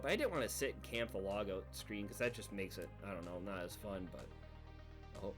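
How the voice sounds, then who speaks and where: A man giving casual, rambling commentary over his own gameplay video, laughing at his own panic and acting out quick asides. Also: on the low side, lively intonation, faint music behind. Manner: rambling, self-deprecating, recounts panic with quoted asides. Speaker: gaming video creator.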